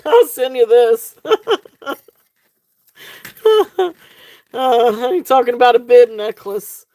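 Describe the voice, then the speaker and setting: A woman with a drawl hosting a live jewelry sale, unhurried and rambling as she chats with her viewers. She giggles often. Her voice sits a touch high and she takes her time. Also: a little mellow. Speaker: live-stream jewelry seller. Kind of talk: casual live-stream selling chat. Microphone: desk setup, face off camera.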